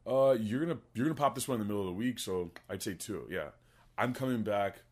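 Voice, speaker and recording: A man's voice: on the low side, animated, fast talker, darkish tone. A young man co-hosting a podcast in casual chat, swearing often and rambling through jokes. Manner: profane, rambling, jokey. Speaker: podcast co-host.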